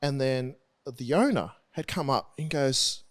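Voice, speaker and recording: A man in his thirties speaks as a podcast guest at a middle pitch. He tells his story earnestly, stopping and restarting his sentences often as he works through it. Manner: earnest, halting with frequent restarts. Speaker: interview guest, rugby league player. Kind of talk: candid podcast conversation.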